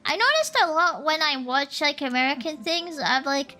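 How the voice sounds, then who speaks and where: A woman chats casually on a stream, teasing and joking and laughing often, with faint lo-fi music in the background. Her high-pitched voice is bright and forceful, with lively intonation at a normal speed.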